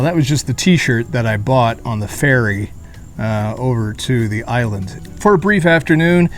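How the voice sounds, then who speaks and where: A man talks his way through a beer review outdoors in a hot beer garden, sweating as he goes. His voice sits at an ordinary middle pitch, and he rambles along with joking asides and fillers in a loose vlog style. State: sweating in the heat. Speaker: beer reviewer, channel host.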